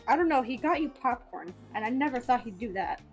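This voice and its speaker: A woman's voice: fairly high pitch, animated, moderate pace, soft background music. A woman chatting with friends on a stream, sarcastic and playfully dramatic. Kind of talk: casual chat.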